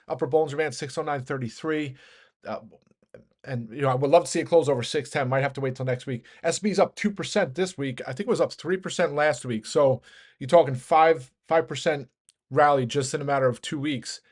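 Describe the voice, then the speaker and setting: Guy rushing through a daily stock rundown, kinda high voice, keeps restarting his sentences. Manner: rapid, rambling, self-correcting. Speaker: stock market commentator. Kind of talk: fast casual market rundown.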